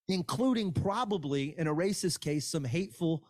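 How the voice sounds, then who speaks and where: A man's voice: a little high, lively intonation, normal speed, few pauses, darkish tone, no room sound. A man in casual podcast chat, making emphatic, argumentative points with plenty of swearing.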